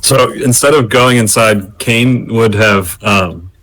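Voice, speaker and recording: A man's voice: on the low side, slow, fairly bright tone, slight background noise, low-quality recording. A man playing a tabletop game, describing his character's plans tentatively. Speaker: player.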